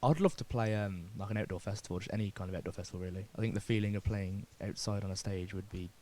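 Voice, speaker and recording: Young man, musician guest, rapid speech, self-deprecating, laughs a lot. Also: lowish voice, dark tone, a little hiss or hum. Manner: laid-back, self-deprecating, laughs often. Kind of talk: casual interview chat.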